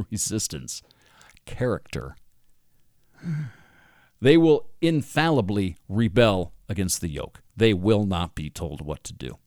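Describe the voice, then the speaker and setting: Man, opinionated commentary monologue, very lively pitch, dry close sound, sarcastic asides. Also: slow pace, pauses often, no room sound. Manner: animated, sarcastic asides, laughs often. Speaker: commentator reading from a book.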